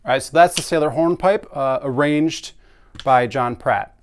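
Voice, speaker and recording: Relaxed man teaching snare drum. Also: mid-range voice, unhurried, very noisy. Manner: relaxed, conversational, sings drum patterns aloud. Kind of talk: casual instructional explanation.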